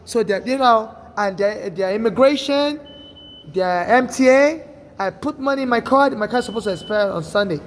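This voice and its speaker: A man's voice: high-pitched, normal speed, a little hiss or hum. Urgent rambling man in his forties. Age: 40s. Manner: rambling, urgent, repeats himself. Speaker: vlogger. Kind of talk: agitated personal monologue. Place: city streets and transit.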